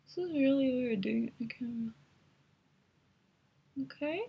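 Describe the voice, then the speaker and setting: Woman, makeup tutorial host, husky tone, chatty step-by-step explaining. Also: sits high, normal speed, dark tone. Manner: chatty, instructive, talks while demonstrating.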